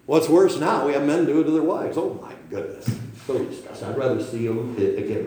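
A man's voice: mid-range voice, animated, brisk, a crowd in the background. Man, middle-aged, pastor, emphatic sermon, rhetorical questions, heavy room echo. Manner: emphatic, rhetorical questions, frequent "okay?" tags. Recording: very echoey room.

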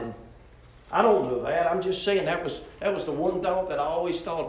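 A man's voice: on the high side, animated, moderate pace, echoey room. A middle-aged man, preaching a sermon with a repetitive, emphatic cadence and personal stories.

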